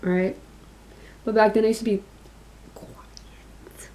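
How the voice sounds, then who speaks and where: A young woman vlogger chatting casually while doing her makeup, soft-spoken and a little mumbly, with lots of fillers. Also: medium pitch, little pitch movement, a little fast.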